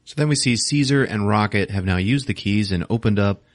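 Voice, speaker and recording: A male podcast host giving a casual movie recap, full of crude jokes and his own laughter. His voice sits low and sounds close and dry. He keeps acting out the scenes as he goes. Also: fairly quick, no echo.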